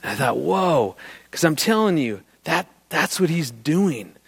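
A middle-aged man speaks to an audience in a fairly high voice. He tells a personal story with energy and acts out each person in it with a shift of voice. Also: a little slow, gravelly, husky. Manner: animated, acts out the people in his story. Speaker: speaker giving a talk on marriage. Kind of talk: storytelling talk before an audience.

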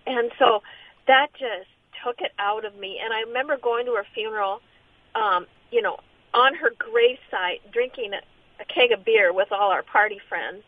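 A middle-aged woman shares her life story in an interview, halting and earnest, often restarting her sentences. Her voice sits fairly high. The sound is thin and tinny, like a phone line, and very dry. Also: no room sound. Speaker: interview guest. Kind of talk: personal testimony in an interview.

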